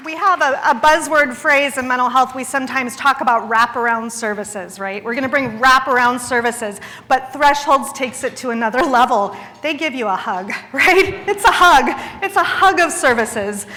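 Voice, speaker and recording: A woman's voice: sits high, normal speed, few pauses, bright, forceful tone. A woman in her forties from Idaho gives an earnest, candid speech at a charity gala, mixing wry humor into a personal story. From Idaho, USA. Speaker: guest speaker at a charity gala. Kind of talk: public speech. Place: large event hall. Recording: long hall reverb.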